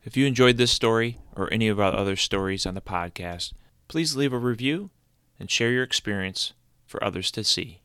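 A man's voice: lowish voice, normal speed, clear, resonant tone, dry recording. A man reading a scripted podcast outro in a formal announcing manner. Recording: dry close mic with faint music. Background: soft music.

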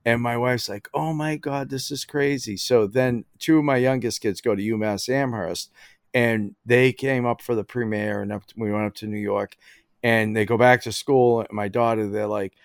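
A man's voice: lowish voice, steady tone, moderate pace, smooth, no room sound, clean studio sound. A middle-aged man telling stories in a casual chat, with lots of fillers like "you know". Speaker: guest. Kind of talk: casual storytelling.

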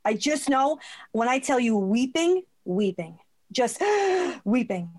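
A woman with a fairly high-pitched voice tells a personal story as a guest in a conversation. She's expressive, quick to laugh, and acts out the voices of people she quotes.

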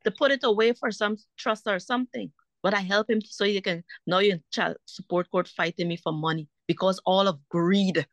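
A woman's voice: medium pitch, steady tone, moderate pace, hardly any pauses, a bit bright, dry recording. A woman speaks with mounting indignation about her custody fight, circling back to her points again and again. Her voice sits in a middle register and is recorded dry and close. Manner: heated, repetitive, indignant. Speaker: mother in a custody dispute. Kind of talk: emotional personal account.

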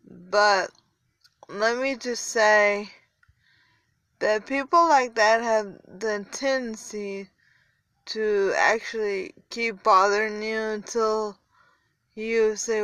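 A young adult woman podcaster, a little tired, rambling casually with halting pauses and fillers. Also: mid-range voice, steady tone, a bit bright, no echo. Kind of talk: casual solo podcast talk.

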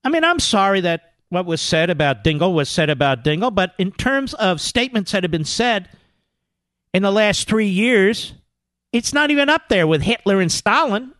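A man's voice: sits high, sing-song, moderate pace, a bit bright, no room sound, clean studio sound. A male talk radio host delivering a combative, sarcastic political monologue, mocking his critics with impressions.

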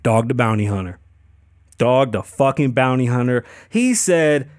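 A man's voice: medium pitch, expressive, measured pace, darkish tone, dry recording, studio quality. A man hosting a podcast, riffing on news in a casual, profane, joking way. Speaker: podcast host. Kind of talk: casual commentary.

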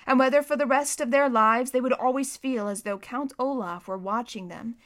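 A woman reading a children's novel aloud as narrator, expressive and acting out the scenes. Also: on the high side, normal speed. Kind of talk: audiobook narration.

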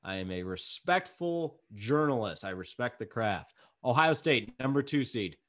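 A man co-hosting a casual sports podcast, animated and quick to poke fun at himself. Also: mid-range voice. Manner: self-deprecating, animated. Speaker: podcast co-host.

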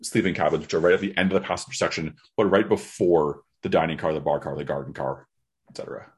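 A man narrating a tabletop game as game master, relaxed and descriptive. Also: low voice, quick pace, slightly rough. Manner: relaxed and descriptive, with frequent restarts.

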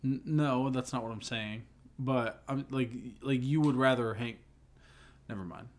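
A man's voice: mid-range voice, measured pace. A young man co-hosting a podcast, chatting casually and joking as he retells a comedy bit. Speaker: podcast co-host. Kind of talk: casual chat.

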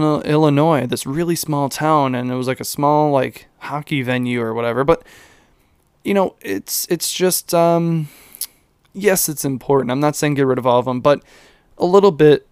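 A man's voice: mid-range voice, clean tone, no echo, clean studio sound. Rambling, profane young man podcasting. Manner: rambling, profane, self-mocking, lots of fillers. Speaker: podcast host. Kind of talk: casual solo podcast rant.

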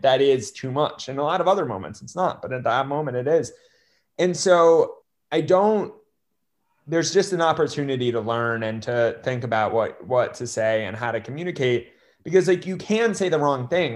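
A young man talking earnestly in an interview, with halting restarts and many fillers, at times choked up. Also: a little high. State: choked up with emotion. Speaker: guest. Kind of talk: conversational interview.

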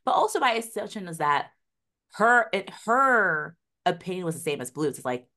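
Speaking at a normal speed in a lowish voice, this young woman is a podcast co-host recapping a TV episode in casual conversation. Her delivery is animated and studded with likes and ums, she laughs frequently, and she performs characters' lines as she goes.

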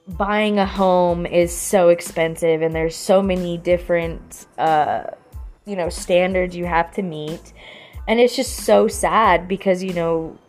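A woman's voice: on the low side, darkish tone. A young adult woman in a casual, rambling monologue, earnest and heavy on "you know" fillers.

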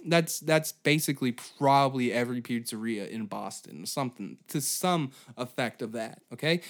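A man's voice: medium pitch, animated, moderate pace, hardly any pauses. Male podcast host, crude storyteller, rambling, sarcastic. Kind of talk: comedic storytelling.

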